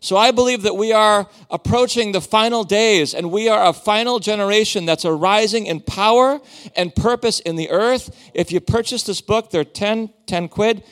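A man preaching as a guest speaker, animated and joking with the congregation. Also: high voice, normal speed, few pauses. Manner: animated, theatrical, joking with the crowd. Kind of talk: sermon with book promotion. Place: church hall.

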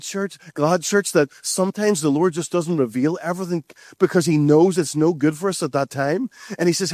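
A man preaches to his congregation in an earnest, repetitive style, often calling them "church." His voice sits high for a man, and the sound is dry and close with no room echo. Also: fairly quick, darkish tone. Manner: earnest, repeats phrases, addresses the church directly. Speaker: pastor. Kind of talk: sermon.

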